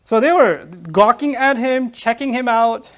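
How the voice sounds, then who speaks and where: A man giving a lively Quran lecture, acting out scenes from the story and laughing along the way. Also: very high-pitched, a little slow. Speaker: Islamic lecturer.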